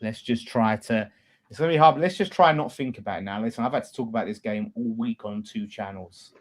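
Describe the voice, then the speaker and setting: A man hosting a casual football fan chat, animated and swearing freely, swinging between loud bursts and quiet asides. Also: on the low side, fast. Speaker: fan channel host.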